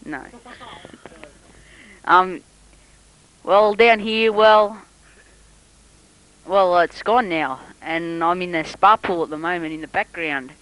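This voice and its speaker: Dude doing joke sports commentary, keeps mixing up names, lots of ums. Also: male voice, high voice, fairly even intonation, takes it slowly, long pauses, pushed and bright, clear, resonant tone, low-quality recording. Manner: jokey, muddling his own names, hesitant fillers. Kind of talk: improvised comedic commentary.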